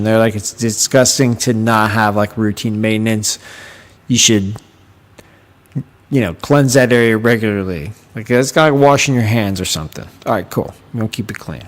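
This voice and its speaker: A man hosting a casual comedic podcast monologue from a hotel room, rambling and profane, laughing often. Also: mid-range voice. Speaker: podcast host.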